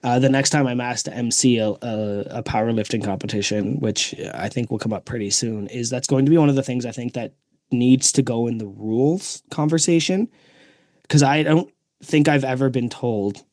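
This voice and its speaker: A man's voice: mid-range voice, normal speed, a little mellow, no echo, studio quality. A man co-hosting a podcast in casual chat, laughing often and swearing freely. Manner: laughing, profane. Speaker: podcast co-host.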